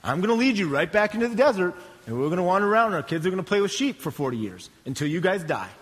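A man's voice: high-pitched, very animated, rapid-fire, husky, long reverb tail, exaggerated voice. A man preaching, voicing Moses as a firm leader warning his people.

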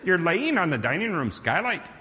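A man's voice: high-pitched, very animated, moderate pace, in a large hall, heavy background noise, voice pushed up. A man voicing a panicked, fussy male hotel worker who frets and repeats himself.

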